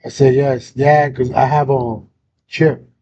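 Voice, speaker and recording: The young male host of this casual chat speaks slowly with a flat delivery but a warm tone, telling a story loaded with slang and curses. The sound is dull and lo-fi, with a faint rumble.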